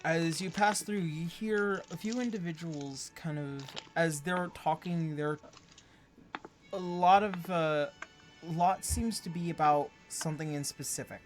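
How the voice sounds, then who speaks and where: A game master describing a fantasy scene for players, stopping often with ums and uhs as the story takes shape. The voice is at a mid pitch. Faint fantasy music plays behind it. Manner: halting, filler-heavy narration. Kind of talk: narrating a tabletop game.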